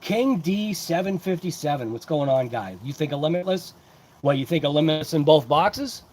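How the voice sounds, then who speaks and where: A man's voice: fairly high pitch, animated, normal speed, a little mellow. A man hosting a casual livestream who rambles along and greets chat viewers by name. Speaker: host of a hobby livestream. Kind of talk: casual live-chat unboxing.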